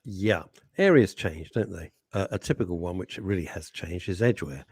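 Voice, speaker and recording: A man's voice: low-pitched, normal speed, a little mellow, husky. A man co-hosting a radio show in casual banter, teasing his partner and reading out listener messages. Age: older. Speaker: radio co-host. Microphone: studio microphone.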